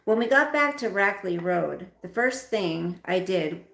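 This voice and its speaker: A woman reads a memoir aloud to her stream viewers, expressive and direct. Her voice is mid-pitched with a gravelly fry. The room around her is echoey. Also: measured pace. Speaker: livestream host reading a memoir aloud. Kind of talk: reading a memoir aloud with casual asides.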